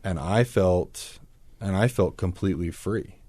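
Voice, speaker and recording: A man's voice: low voice, measured pace, dark tone, dry recording. A man as a podcast guest, telling his personal story in an earnest, reflective way.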